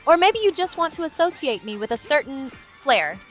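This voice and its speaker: A woman's voice: sits high, very animated, moderate pace, faint music behind. A synthetic woman's voice chatting as an AI companion, sarcastic, witty and mock-exasperated. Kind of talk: sarcastic chatbot banter.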